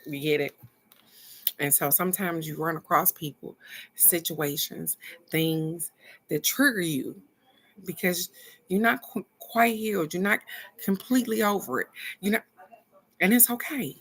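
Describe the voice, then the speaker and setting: Low gravelly-voiced woman telling a story. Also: unhurried, long pauses, a bit bright. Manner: earnest, reflective, talks straight to viewers. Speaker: spiritual card-reading host. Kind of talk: casual storytelling to viewers.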